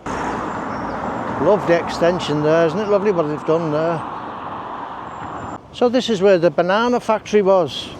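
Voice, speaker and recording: Walking vlogger, man, slightly high voice, audible heavy breathing, outdoor noise under him. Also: a little slow, long pauses. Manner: chatty, rambling, self-deprecating asides. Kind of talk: casual walk-and-talk narration. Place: outdoors on roads and country paths.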